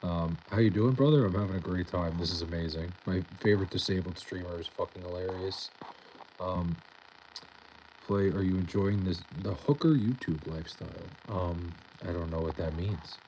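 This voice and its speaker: Deep-voiced laid-back male streamer. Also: moderate pace, a little hiss or hum, rough recording. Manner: laid-back, profane, deadpan. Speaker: live streamer reading chat. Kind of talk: casual live-stream chat.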